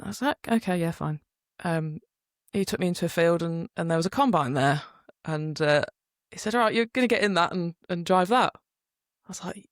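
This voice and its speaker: Lively young woman co-host. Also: lowish voice, normal speed, dry recording, clean studio sound. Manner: lively storytelling, acts out quotes. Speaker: podcast co-host. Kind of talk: casual chat.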